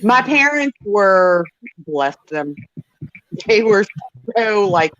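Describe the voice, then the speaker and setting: A woman chatting casually on a live stream, telling stories in an emphatic, expressive way. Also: medium pitch, takes it slowly, long pauses, muffled recording. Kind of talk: casual chat.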